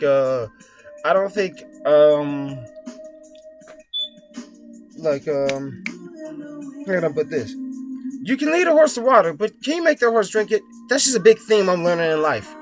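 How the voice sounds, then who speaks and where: A young man giving a blunt, profane, rambling motivational talk as the host of his own videos. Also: high voice. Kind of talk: casual motivational monologue. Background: soft music playing.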